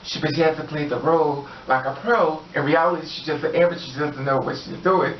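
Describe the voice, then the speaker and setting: A man's voice: fairly high pitch, fairly quick, a little hiss or hum. A man casually retelling a story in a rambling, filler-heavy way, slipping into quoted voices. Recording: roomy, distant, dull, faint ambience.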